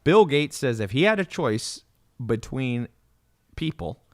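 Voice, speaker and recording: A man hosting a podcast, telling stories in a blunt, animated way, swearing and laughing often. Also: medium pitch, slow pace. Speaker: podcast host. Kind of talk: casual motivational chat.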